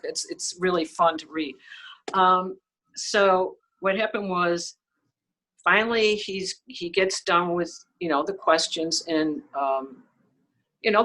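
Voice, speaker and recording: Heard through poor-quality audio, a fairly low-pitched woman recounts a story as a guest photographer on an interview show. Her telling is lively and relaxed, full of laughter, performed quotes, and frequent "you know" and "okay" fillers.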